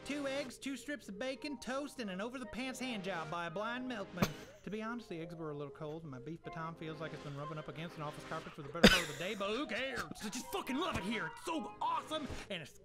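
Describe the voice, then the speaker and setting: A man's voice: sits high, quick pace, hardly any pauses, natural voice. Crude blissed-out dead guy in a game , man voicing him, moany and giddy, music behind.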